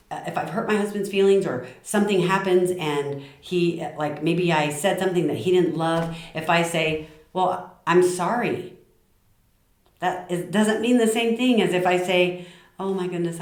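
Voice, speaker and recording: Middle-aged woman, low voice, passionate talk to camera in an echoey room. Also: normal speed. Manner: passionate, lively, acts out little quoted lines. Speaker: speaker giving communication tips.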